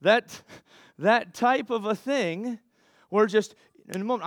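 A man's voice: high voice, slow, no echo. Man preaching in a dry close sound. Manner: conversational preaching, with many restarts and asides. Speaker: pastor. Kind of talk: sermon.

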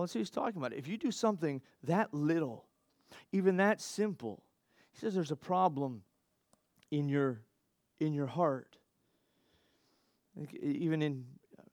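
A man's voice: on the high side, darkish tone, no echo, studio quality. A man preaching a sermon in a conversational way, with asides, restarts and rhetorical questions to the congregation. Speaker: pastor.

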